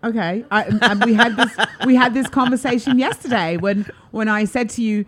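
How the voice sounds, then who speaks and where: A woman hosting a talk show, chatting casually and telling an animated story, acting out what people said. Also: fairly high pitch, normal speed, hardly any pauses. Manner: animated, acts out quotes in lively voices. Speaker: host.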